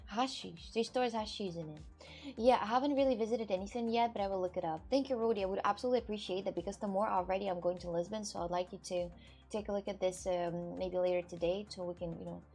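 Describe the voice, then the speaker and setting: Russian-accented woman streamer, rambling, chatty, mid-pitch voice, faint music underneath. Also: steady tone, fast, a little mellow. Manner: rambling and chatty, with loose non-native grammar. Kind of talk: casual livestream chat with viewers.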